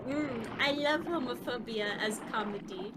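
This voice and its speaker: Woman streamer, high voice, profane and theatrical, noisy mic. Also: unhurried. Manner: profane, animated, dramatic complaining. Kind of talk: casual chat with friends on a call.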